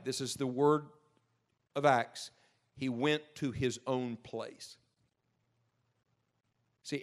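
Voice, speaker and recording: A man preaching a sermon, telling a story earnestly, dropping to a hush and then rising to emphatic peaks. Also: on the high side. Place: church service with a live audience.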